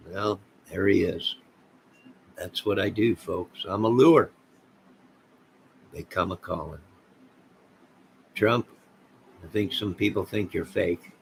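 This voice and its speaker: A man with a low, gravelly voice rambles on a late-night livestream and speaks straight to his chat. His talk drifts and turns conspiratorial, and a faint hiss sits under the recording. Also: fairly even intonation, a little slow, pauses often, fairly bright tone, low-quality recording. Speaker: live streamer.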